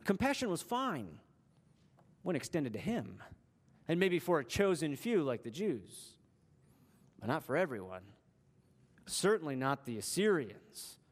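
Preacher with a fairly high voice. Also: male voice, sing-song, measured pace, long pauses. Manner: dramatic storytelling, shifting pace and emphasis. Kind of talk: sermon. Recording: long hall reverb.

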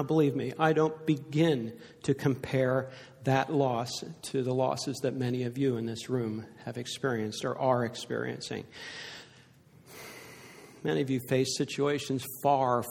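An older man preaching a sermon to a congregation, telling stories earnestly and growing hushed at the sad parts. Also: mid-range voice, gravelly. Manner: earnest storytelling, dropping to a hushed voice for sad points. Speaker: pastor. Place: church sanctuary before a congregation. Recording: echoey hall reverb.

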